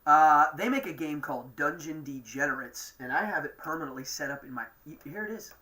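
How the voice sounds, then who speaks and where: Bright-voiced East Coast man chatting. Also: a little high, fairly quick. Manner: chatty, rambling, enthusiastic. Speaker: livestream show host. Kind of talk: casual livestream chat.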